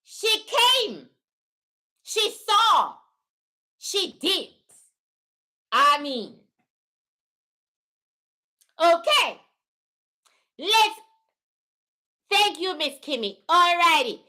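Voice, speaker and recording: A middle-aged woman with a very high, bright, sharp-edged voice rants to her livestream viewers without a script. She scolds in a fiery, profane way while giving her spiritual readings. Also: very animated, very slow, long pauses, poor audio. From lives in Canada. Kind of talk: unscripted livestream rant.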